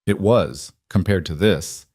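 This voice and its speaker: A man's voice: low-pitched, a little slow, darkish tone, husky, dry recording, clean studio sound. A man playing Elias, a weary but devoted former lawman and husband in a western storybook, speaking steadily and solemnly. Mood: steady.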